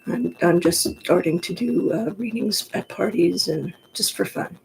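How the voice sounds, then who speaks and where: A woman from the New York Pocono area with a gruff voice, rambling frankly in a casual monologue to the camera. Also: lowish voice, unhurried, a little hiss or hum, rough recording. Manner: chatty, digressive, frank. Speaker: vlogger.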